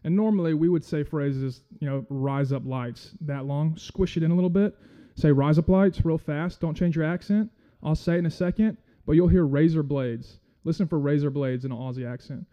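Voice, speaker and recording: A man's voice: a little high, brisk, hardly any pauses, highs cut off. A man giving a casual, self-deprecating sermon as a guest church speaker, with many fillers.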